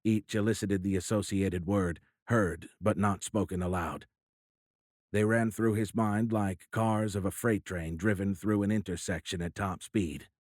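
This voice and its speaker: Male audiobook narrator, low voice, steady and measured, dry close-mic studio sound. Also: dry recording. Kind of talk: scripted narration.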